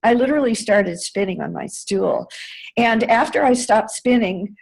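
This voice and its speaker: A woman's voice: mid-range voice, normal speed, gravelly, darkish tone, poor audio. An older woman from the United States, telling a long story in an interview, with many fillers and self-corrections. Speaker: interview guest, former White House staffer. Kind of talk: conversational storytelling.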